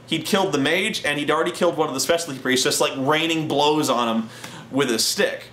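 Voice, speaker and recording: A man hosting a show, telling a casual tabletop-gaming anecdote in an animated, profane way with frequent restarts. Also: fairly high pitch, fairly quick, slight background noise. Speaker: host and storyteller. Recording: roomy echoing room.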